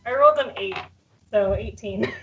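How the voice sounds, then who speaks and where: A woman's voice: mid-range voice, normal speed, lo-fi sound, slight background noise. A woman playing a tabletop game, blunt and joking with her friends. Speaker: player. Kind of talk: casual tabletop play.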